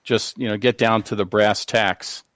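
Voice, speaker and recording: Low-voiced older man telling stories. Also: steady tone, a little slow, a bit bright. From United States. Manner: rambling, many fillers and restarts. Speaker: guest. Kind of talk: casual interview storytelling.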